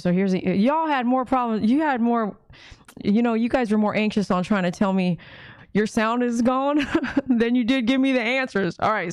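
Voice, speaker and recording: A woman's voice: mid-range voice, no room sound, clean studio sound. A woman dog groomer hosting a casual live watch party, chatting with viewers and reading their comments aloud. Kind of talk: casual live-stream chat.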